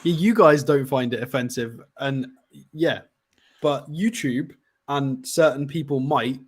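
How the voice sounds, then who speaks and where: A man's voice: medium pitch, a little slow, husky. Matter-of-fact man co-hosting. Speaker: podcast co-host. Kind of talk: casual chat.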